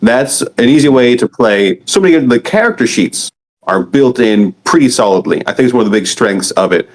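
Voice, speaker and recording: A man's voice: mid-range voice, lively intonation, normal speed, rough recording. Encouraging male interview host. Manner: encouraging, affirming. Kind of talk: casual interview.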